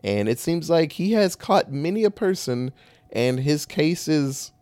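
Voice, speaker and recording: A man with a lively, swooping delivery that rises and falls a lot as he rambles through a casual recap. He swears freely and corrects himself mid-sentence. The sound is dry and close, with no room echo. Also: on the high side, measured pace. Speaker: podcast co-host recapping a movie. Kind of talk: casual chat.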